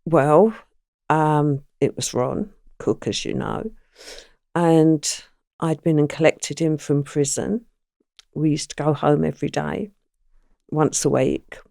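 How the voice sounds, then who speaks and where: Older woman guest, gravelly low voice, dry close sound, animated storyteller. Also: slow, dry recording. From England. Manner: animated storyteller, acts out quoted lines. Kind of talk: recounting crime memories in a podcast interview.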